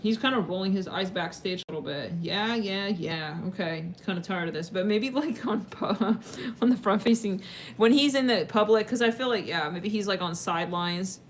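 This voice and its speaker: A woman's voice: mid-range voice, normal speed, a little hiss or hum. A woman doing a casual tarot reading for her viewers. She talks in a chatty, rambling way, with lots of fillers and sudden laughs. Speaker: tarot reader.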